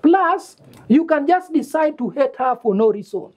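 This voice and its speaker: A bossy young schemer. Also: male voice, very high voice, lively intonation, moderate pace, a little mellow. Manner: bossy, teasing. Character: boastful young man scheming a fake reality-show life. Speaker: student. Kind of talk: comedy web series acting.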